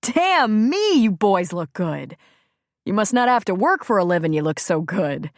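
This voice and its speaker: A woman narrator voicing a young male Marine calling his wife, warm and teasing. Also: fairly low pitch, expressive, normal speed, no echo, clean studio sound. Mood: affectionate.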